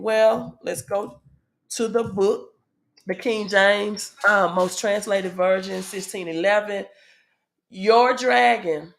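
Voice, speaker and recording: Southern woman, casual spiritual teacher, slow measured delivery with fillers. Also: mid-range voice. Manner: asks the audience "right?" often; unhurried with frequent "um" fillers.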